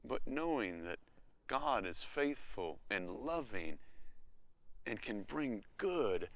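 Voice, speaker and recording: Slow, lively American male preacher. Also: fairly low pitch. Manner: expressive preaching with acted-out inner voices. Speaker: pastor. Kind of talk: sermon.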